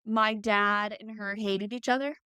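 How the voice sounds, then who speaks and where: Smooth-voiced woman in her twenties. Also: mid-range voice, fairly even intonation, unhurried, sharp tone, dry recording, studio quality. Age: 20s. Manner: open, casual, frequent "like" fillers. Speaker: guest. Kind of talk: personal storytelling in interview.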